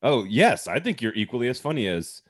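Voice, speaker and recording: A man's voice: medium pitch, very animated, brisk, no room sound, studio quality. A man in his thirties from Wisconsin, co-hosting a casual podcast chat and reading sponsor plugs with a joking, laughing manner. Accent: slight Wisconsin. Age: 30s. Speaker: podcast host.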